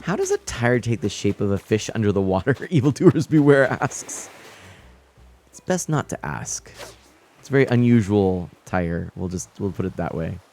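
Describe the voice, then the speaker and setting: A man streaming a fishing game, chatting with viewers and reading out their messages with quick laughs. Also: on the low side, slight background noise. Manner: chatty, reads out chat and greets viewers, nervous excited laughs. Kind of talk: live gameplay commentary.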